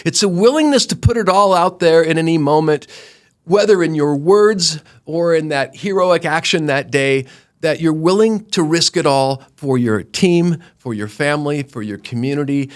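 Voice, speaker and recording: A middle-aged man, a company founder, telling stories earnestly in an interview, animated, often restarting his sentences. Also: fairly high pitch, normal speed. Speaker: guest, roofing company founder. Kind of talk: conversational interview storytelling.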